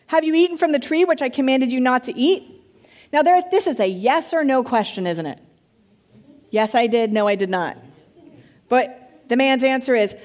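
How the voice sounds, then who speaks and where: A woman's voice: high voice, lively intonation, normal speed, a little mellow. A woman pastor giving a sermon, reading scripture and breaking into conversational, playful asides.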